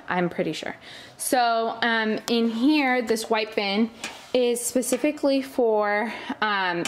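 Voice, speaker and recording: A woman's voice: mid-range voice, slight background noise. A young woman giving a casual tour of her home homeschool room, chatty and full of fillers, a little out of breath. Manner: chatty, filler-heavy, enthusiastic about products. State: slightly out of breath. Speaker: homeschooling mom vlogger.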